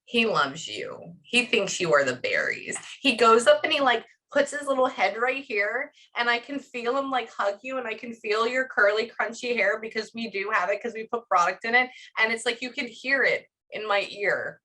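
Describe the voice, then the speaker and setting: A woman's voice: fairly high pitch, expressive, moderate pace, few pauses, sharp tone, rough recording. A woman giving a medium reading to clients, talking in a rambling, emotional way with lots of fillers. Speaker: psychic medium.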